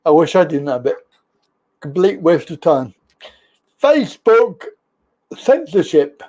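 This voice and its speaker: A man's voice: fairly high pitch, sing-song, takes it slowly, a little mellow. A man hosting a casual live-stream talk show, chatting loosely and greeting viewers from the chat as he reads their comments.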